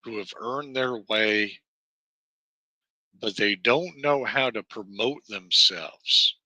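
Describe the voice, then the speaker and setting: Southern guy ranting on his livestream, slow and cussing a lot, really bright tone, dead dry sound. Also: fairly low pitch, dry recording. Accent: Southern American. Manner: profane, rambling rant with many fillers. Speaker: livestream host.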